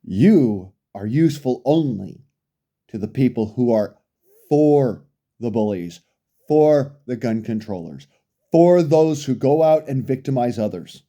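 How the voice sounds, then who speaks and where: Male commentator, angry profane rant, mellow low timbre, very animated pitch. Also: unhurried, highs cut off. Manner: profane, furious, berating.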